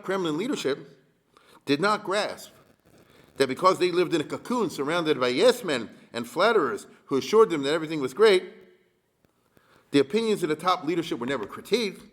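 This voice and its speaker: A man, a rabbi, giving a conversational history lecture, often checking in with his listeners and dropping wry humorous asides. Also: fairly high pitch. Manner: chatty, keeps checking in with the audience.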